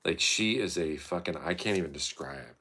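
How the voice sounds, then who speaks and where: A man with a very low voice talks to the camera in a rambling, unscripted monologue. He swears freely and leans on fillers, and his pitch rises and falls with lively animation. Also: normal speed. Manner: loose, swearing, meandering, filler-heavy. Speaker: vlogger.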